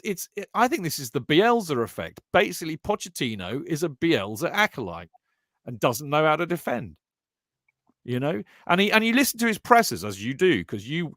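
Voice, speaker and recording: In a slightly high voice, a man co-hosting a football podcast keeps up lively, casual banter with friends, restarting sentences with a stammer and calling them mate. The clean studio recording has no echo.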